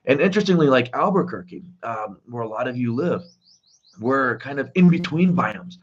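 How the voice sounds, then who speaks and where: A man's voice: medium pitch, expressive, moderate pace, slightly rough, dull audio. A man teaching a biology class in a casual, rambling way, recording his lecture outdoors in a forest. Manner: chatty, rambling, with fillers.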